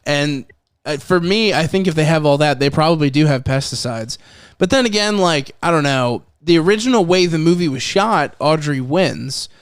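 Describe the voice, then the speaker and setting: A fairly high-voiced man talking through a film in relaxed podcast chat. He is animated and curses freely, and he slips into quick impressions of the characters. The sound is dry and close. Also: smooth, no echo. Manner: animated, swearing, acts out movie lines. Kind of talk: casual chat.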